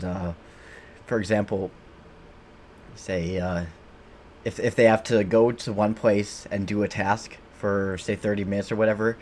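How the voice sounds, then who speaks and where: A man with a fairly low voice talks loosely over his gameplay, often stopping to restart a thought. A faint game ambience hums under his casual commentary. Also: darkish tone, a little hiss or hum. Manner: rambling, many fillers and restarts. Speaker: game streamer.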